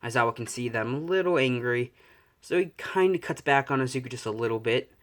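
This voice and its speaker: A young man improvising a fan story out loud, rambling and correcting himself, swearing casually. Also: medium pitch, animated, quick pace.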